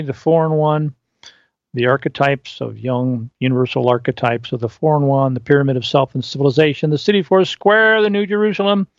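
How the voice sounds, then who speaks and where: A man hosting a solo podcast, reading from his articles and riffing off script in a rambling, halting way with many fillers and restarts. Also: fairly high pitch, no room sound, highs cut off. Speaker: podcast host.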